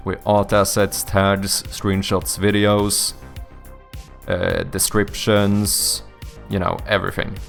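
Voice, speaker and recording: A Swedish man with a Swedish accent and British-leaning English chats casually on a live stream, reading chat aloud, rambling, joking, and correcting himself. His voice is low with vocal fry.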